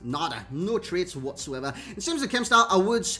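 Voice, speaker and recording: A man's voice: sits high, sing-song, a little fast, sharp tone, faint music behind. A Geordie man giving chatty commentary over gameplay clips, calling his viewers lads and mate. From North East England. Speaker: gaming YouTuber. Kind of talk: casual video game commentary.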